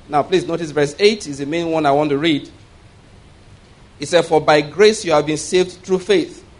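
A male pastor preaching, reading scripture slowly with emphasis and having the congregation repeat key words. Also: fairly high pitch. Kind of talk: sermon. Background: congregation responding.

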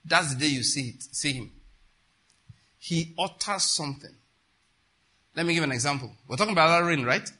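A man delivers an emphatic sermon, often checking whether his listeners are following. His voice sits a little high and sounds very bright and cutting. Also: moderate pace, long pauses, slightly rough. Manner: emphatic, asks the congregation questions. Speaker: preacher.

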